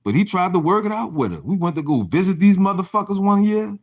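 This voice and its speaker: A man's voice: high-pitched, animated, fast talker. A man rants to his livestream viewers in a slightly raised voice that swings widely up and down. He tells profane, rambling stories and stumbles into restarts. His tone turns mocking as he gossips and laughs. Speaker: livestream host. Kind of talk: casual livestream rant.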